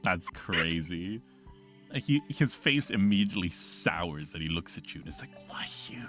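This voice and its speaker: A man with a low voice runs a tabletop game, narrating casually with plenty of pauses and restarts. He sounds relaxed and conversational. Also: faint music behind. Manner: casual, hesitant, chatty. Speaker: game master.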